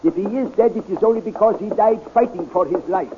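An actor playing a calm, resourceful scientist who speaks formally in a 1930s radio serial. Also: male voice, high-pitched, brisk, dull audio, close to an everyday voice. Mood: determined. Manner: formal, no contractions, steady commands. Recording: scratchy 1930s radio recording.

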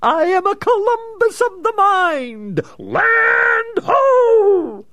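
A man's voice: extremely high pitch, huge pitch swings, takes it slowly, fairly bright tone, no room sound, pitched above the performer's own voice, heavily acted. A man voicing a gleeful, manic male mad genius villain in an audiobook, cackling and theatrical. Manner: cackling, shrieking, theatrical swings. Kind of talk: audiobook character voice.

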